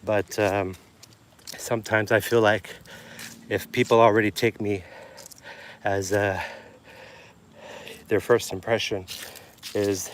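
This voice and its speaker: Slow, low-voiced man musing outdoors. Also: level tone, a little hiss or hum. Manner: rambling, reflective, many fillers. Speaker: vlogger. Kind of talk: casual vlog while out running. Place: outdoors on a trail.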